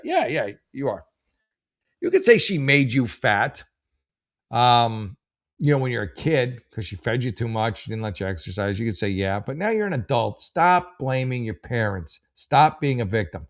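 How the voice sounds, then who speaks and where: A man's voice: medium pitch, very animated, moderate pace. A man hosting a casual advice show, blunt and sarcastic, rambling with lots of fillers and restarts. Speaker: host giving advice.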